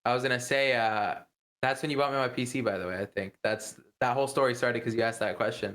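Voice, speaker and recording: A young gamer guest on a casual podcast, laid-back and quick to chime in. His voice is bright and a little tense, at an ordinary pitch. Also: steady tone. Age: young adult.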